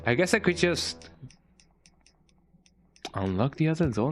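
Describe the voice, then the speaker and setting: A man streaming a game and chatting as he plays, in a casual, rambling way, with a pitch that swings up and down. He keeps stopping to restart a sentence and ends many of them with a questioning "eh?", while soft music plays in the background. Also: very animated, a little slow. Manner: rambling, frequent "eh?" tag and restarts. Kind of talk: casual gameplay commentary.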